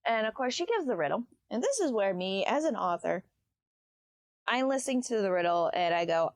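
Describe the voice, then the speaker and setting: A woman's voice: lowish voice, lively intonation, fairly quick, a little mellow, no echo. A woman hosting a book podcast, recapping a story in a loose, chatty way with many fillers.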